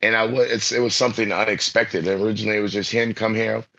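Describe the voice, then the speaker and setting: A man's voice: lowish voice, level tone, quick pace, pushed and bright, lo-fi sound. A man chatting casually on a podcast about his stream, rambling and repeating himself, laughing easily. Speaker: streamer guest.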